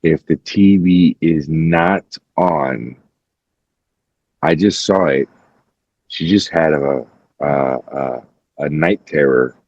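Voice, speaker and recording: A podcast host with a very low voice tells a story in lively casual chat and swears freely. The sound is dry and slightly dull. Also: male voice, slow pace, long pauses, dry recording. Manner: animated storytelling, acting out quotes, frequent swearing.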